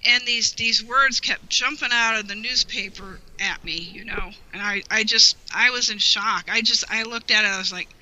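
Bright-voiced woman telling a heartfelt story. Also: fairly high pitch, normal speed, few pauses, poor audio. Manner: heartfelt, rambling with frequent "you know". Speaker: guest, longtime fan. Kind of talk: personal storytelling in an interview.

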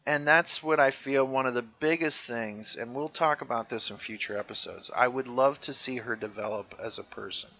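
A man's voice: mid-range voice, moderate pace, few pauses, dull audio. A man co-hosting a casual podcast, animatedly retelling scenes and quoting lines. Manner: animated, jumps into character voices when quoting. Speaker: podcast co-host recapping a show.

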